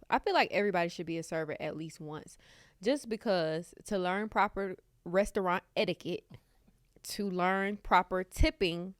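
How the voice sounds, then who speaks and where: Candid woman, low and dry. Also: smooth, dry recording. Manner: candid, emphatic, speaks her mind. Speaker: podcast co-host. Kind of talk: casual podcast chat.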